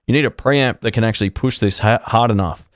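A man's voice: fairly low pitch, brisk, no room sound. A man, hosting a live stream from his home studio and chatting through viewer comments in a friendly, rambling way. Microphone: dynamic podcast mic.

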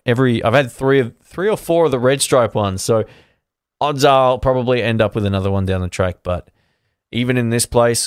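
A man with a smooth, medium-pitched voice hosts a live stream from his home studio, chatting through viewer comments in a friendly, rambling way. He uses a dynamic podcast mic, and there's no echo.

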